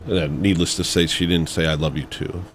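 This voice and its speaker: A man hosting a satirical livestream, telling stories in a sarcastic, deadpan way from a room at home. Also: sits low, moderate pace, faint music behind. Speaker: livestream host.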